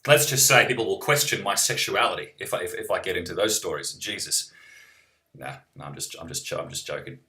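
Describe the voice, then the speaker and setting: Low-voiced man chatting on a live stream. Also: fairly quick, sharp tone. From New Zealand. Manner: rambling, self-interrupting, wry. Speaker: musician streaming live and reading chat. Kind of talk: casual live-stream chat.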